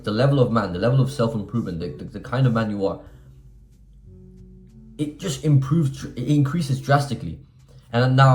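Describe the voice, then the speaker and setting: A man's voice: mid-range voice, a little mellow, roomy sound. A man of twenty giving blunt, profane, emphatic self-improvement advice in a casual monologue. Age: 20s.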